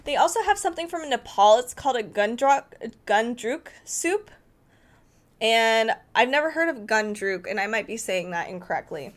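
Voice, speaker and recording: A woman's voice: fairly high pitch, expressive, normal speed. A woman previewing a cookbook in a casual, enthusiastic way, thinking aloud as she flips pages and correcting herself now and then. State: arm tired from holding a heavy book. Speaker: cookbook reviewer.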